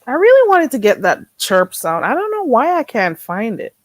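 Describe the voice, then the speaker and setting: A woman's voice: on the high side, wildly swooping pitch, normal speed, no echo. A woman vlogger in casual solo chat, chatty and self-mocking, talking half to herself.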